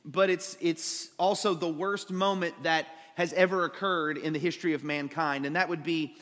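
A man preaching a sermon, telling the story with animated emphasis and acting out the characters' lines. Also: a little high, moderate pace. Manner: animated storytelling, acts out voices with rising emphasis. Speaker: pastor. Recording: long hall reverb.

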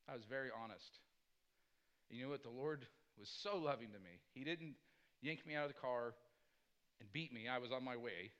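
Bright-voiced male pastor preaching. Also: medium pitch, brisk, long pauses, lo-fi sound. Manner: punctuates points with "Amen?"; conversational preaching with personal stories. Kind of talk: sermon.

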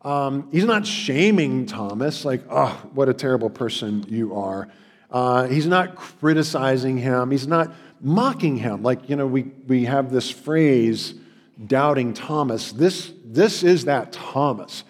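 A man preaching a sermon in a church, conversational and halting, with restarts and mock voices. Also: mid-range voice. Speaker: pastor. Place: church sanctuary. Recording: long hall reverb.

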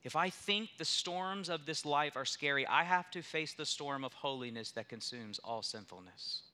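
A man's voice: on the high side, normal speed, sharp tone. A young adult male pastor preaching a sermon, telling a story with emphatic, building intensity.

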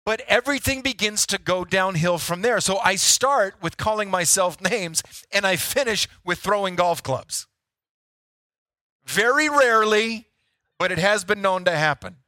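Male pastor, sermon, chatty and self-deprecating, sharp tone in a dry room. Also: high voice, unhurried, no echo. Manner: conversational, self-deprecating storytelling.

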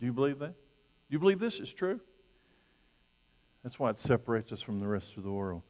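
A male pastor preaching a sermon, swinging from loud emphatic peaks to hushed, low lines. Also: big pitch swings, a little fast, long reverb tail.

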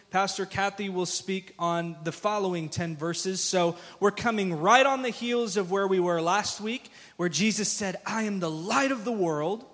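A man's voice: high voice, a bit bright, big-room sound. A man preaching a sermon as pastor, talking conversationally and speaking directly to his congregation in a church. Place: church sanctuary.

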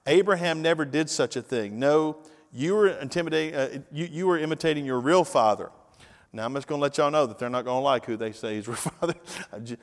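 A man preaching a sermon, reading scripture aloud slowly with emphasis and prompting listeners to finish the lines. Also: mid-range voice. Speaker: pastor. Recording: long hall reverb.

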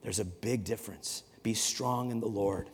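A man's voice: lowish voice, normal speed, a little hiss or hum. A man preaching a sermon in a conversational way, often repeating words and acting out stories. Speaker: pastor. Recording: long hall reverb.

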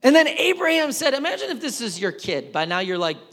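A man preaching a sermon, telling the story with animated voices for each side of the dialogue. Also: very high voice, a little fast, hardly any pauses. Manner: animated storytelling, acting out both sides of the dialogue. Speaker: pastor. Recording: long hall reverb.

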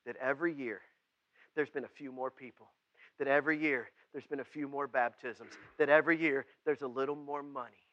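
A man preaching a sermon as pastor, folksy and plain-spoken, swinging from loud preaching to quiet, intimate asides. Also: mid-range voice, steady tone, brisk, no echo, lo-fi sound. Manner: folksy and plain-spoken, with southern-style words.

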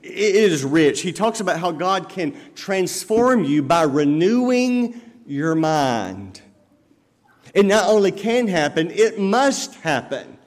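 A man's voice: high-pitched, very animated, slow. A man preaching a sermon as pastor, in a conversational way full of everyday examples. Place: church sanctuary. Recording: long reverb of a church hall.

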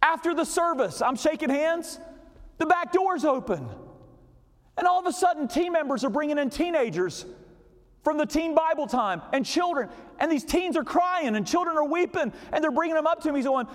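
A man preaching as a pastor, telling a story in an animated way and acting out quoted voices, sometimes dropping to a whisper. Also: very high-pitched, fairly quick. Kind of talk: storytelling sermon. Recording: long hall reverb.

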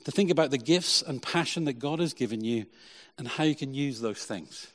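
Male pastor, lively preaching, church hall, long reverb tail. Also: mid-range voice, normal speed. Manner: lively preaching, repeated "Lord" in prayer. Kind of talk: sermon.

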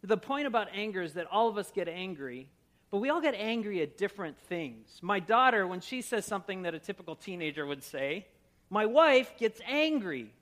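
Man, pastor, middle-aged, from Minnesota, strikingly high voice, animated sermon storytelling. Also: moderate pace. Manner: animated, self-mocking storyteller who laughs at himself.

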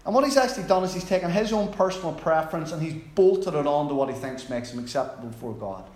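A male preacher with a high voice and a darkish tone delivers a sermon in an echoey church. He speaks conversationally, asking the congregation questions.

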